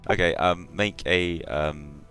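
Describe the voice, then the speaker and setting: A man with an extremely low voice narrates as game master of a tabletop session. He rambles loosely, padding his descriptions with fillers. Faint music plays underneath. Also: fairly even intonation, slow, fairly bright tone.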